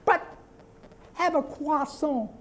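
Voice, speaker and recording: A man voicing a nerdy, whiny cartoon boy with a nasal, drawn-out delivery. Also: extremely high pitch, pitched above the performer's own voice. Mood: goofy.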